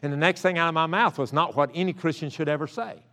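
A man's voice: a little high, quick pace, bright, forceful tone. An older man preaching a sermon as pastor, mixing folksy stories with impassioned appeals. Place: church sanctuary. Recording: reverberant church sanctuary.

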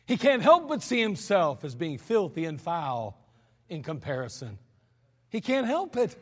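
Delivering an earnest, conversational sermon sprinkled with humor, a male pastor talks at a measured pace in a voice on the high side that swings widely in pitch. It's an archived service from a church sanctuary with long hall reverb.

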